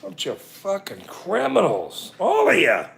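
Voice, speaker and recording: A middle-aged man rants to his livestream audience, cursing and mocking as he goes. His voice is high and heavily gravelly, with a slow, deliberate delivery and wide swings in pitch. The tone is sharp and bright. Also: wildly swooping pitch. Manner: profane, sarcastic ranting, talks to chat. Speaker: livestream host. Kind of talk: ranting livestream chat.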